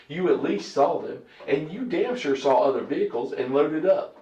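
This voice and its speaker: A man's voice: a little high, animated, normal speed, dark tone. A man interrogating a suspect as a police detective, blunt, confrontational and full of profanity. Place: interrogation room. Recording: echoey, muffled room recording from a distant mic.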